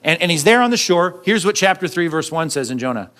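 A man's voice: fairly high pitch, lively intonation, quick pace, a bit bright. Conversational preacher, a man. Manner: conversational preaching with frequent "right?" asides and acted quotes. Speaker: pastor. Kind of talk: sermon.

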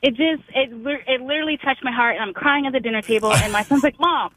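A woman's voice: high voice, fast talker, noisy background. A woman in her thirties, a mother calling in to a radio show, telling a heartfelt story in a rambling, emotional way with many restarts. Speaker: caller. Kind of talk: call-in testimony. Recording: tinny phone line.

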